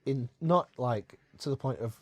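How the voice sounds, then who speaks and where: A man's voice: mid-range voice, normal speed, no room sound. A man co-hosting a comedy film commentary, bantering and cracking jokes. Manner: bantering, wisecracking.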